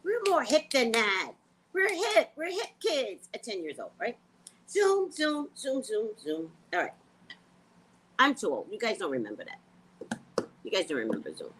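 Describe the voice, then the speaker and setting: A woman's voice: on the high side, moderate pace, long pauses, a little hiss or hum. A woman psychic hosting her own vlog, rambling bluntly and casually. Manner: animated, blunt, sings and repeats phrases.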